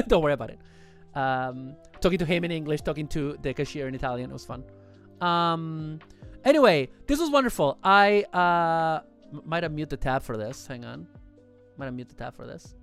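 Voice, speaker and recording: Rambling, excitable livestream host. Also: medium pitch, normal speed, faint music behind. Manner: rambling, chatty, self-correcting. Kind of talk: casual livestream chat over photos.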